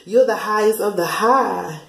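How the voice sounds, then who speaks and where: Relaying channeled spiritual messages, a woman talks casually at a measured pace, her medium-pitched voice marked by vocal fry. She laughs a lot and drifts into sung lines and quoted voices, all captured on a rough, reverberant recording.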